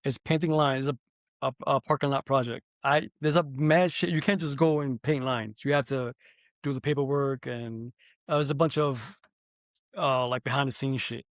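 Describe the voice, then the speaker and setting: A man's voice: medium pitch, moderate pace, no echo. Casual New man telling stories. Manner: animated storytelling, heavy profanity, swings loud and soft. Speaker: podcast host. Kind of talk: casual chat.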